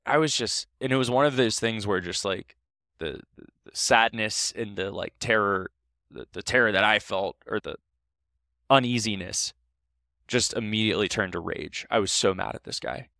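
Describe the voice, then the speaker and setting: A young man from Ohio, a podcast guest, telling a story in casual, animated talk full of restarts. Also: on the low side, normal speed, creaky, no room sound, studio quality.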